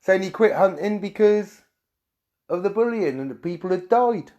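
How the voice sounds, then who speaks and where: Annoyed middle-aged british guy venting at his stream, high voice, rambles and swears a lot. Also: animated, mellow, highs cut off. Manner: agitated, rambling, swearing, quick asides to viewers. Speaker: YouTube streamer. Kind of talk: angry monologue to viewers.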